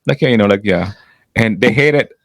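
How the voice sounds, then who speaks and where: A man's voice: on the low side, brisk, no room sound. A man from Chicago co-hosting a podcast, telling stories in casual banter and acting out what people said. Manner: animated storyteller, acts out quotes, laughs a lot. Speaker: podcast co-host.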